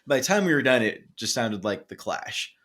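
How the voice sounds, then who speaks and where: A man's voice: medium pitch, sing-song, normal speed, a bit bright. A man co-hosting a music podcast, telling a rambling story in casual chat with plenty of fillers and restarts. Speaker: podcast co-host.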